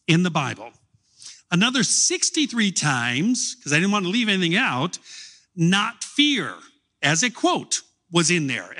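A middle-aged man preaching a sermon, telling stories slowly with long pauses. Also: high-pitched, pushed and bright. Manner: slow storytelling with long pauses.

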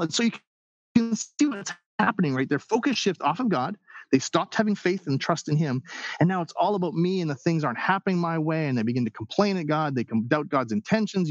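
Animated male preacher, lively pitch. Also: a little fast, dry recording, muffled recording. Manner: animated preaching, acts out quoted voices. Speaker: pastor. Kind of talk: sermon.

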